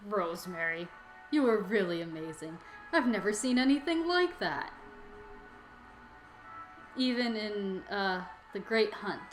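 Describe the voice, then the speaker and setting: A woman reading the lines of an earnest, self-doubting young male hunter from a game, in a soft, hesitant way. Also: medium pitch, expressive, measured pace, long pauses, natural voice. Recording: echoey room with game music.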